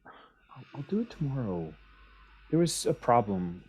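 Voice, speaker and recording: A man's voice: medium pitch, sing-song, a little mellow, slightly rough, voice pushed up. A man doing a flustered young employee. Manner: nervous, rushed, over-assuring.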